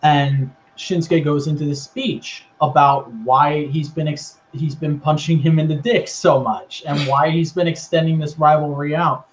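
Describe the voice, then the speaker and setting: A man with a fairly high voice tells a story in an animated way, acting out the lines as he goes. His casual chat comes through a slightly muffled, lo-fi recording with a faint hiss behind it. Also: unhurried, hardly any pauses. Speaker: podcast co-host. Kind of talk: casual recap of wrestling storylines.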